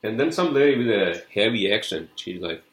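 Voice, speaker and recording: A man's voice: on the low side, animated, brisk, roomy sound, low-quality recording. A man hosting his own podcast, chatting casually and rambling, swearing often and saying "you know" constantly, with a non-native accent. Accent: non-native accent, unnamed. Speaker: podcast host. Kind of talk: casual solo podcast chat.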